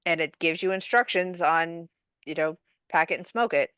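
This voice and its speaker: A woman's voice: fairly low pitch, normal speed, fairly bright tone, clear, resonant tone, no room sound. A woman on a podcast, discussing and explaining things skeptically. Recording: slightly dull lo-fi audio.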